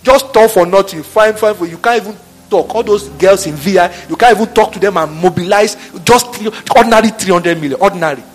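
A man preaching a sermon, animated, laughing and acting out office scenes. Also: sits high, a little fast, slightly rough, soft background music.

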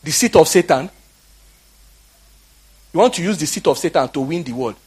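Husky man with a Nigerian accent, fiery sermon, exhorting, quiet then shouting. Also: fairly high pitch, animated, moderate pace. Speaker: pastor.

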